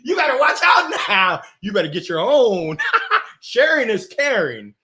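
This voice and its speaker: A man's voice: high-pitched, sing-song, measured pace, bright, forceful tone. A man hosting a live motivational stream, greeting viewers by name with exuberant energy and frequent laughter. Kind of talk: lively live-stream chat reading comments.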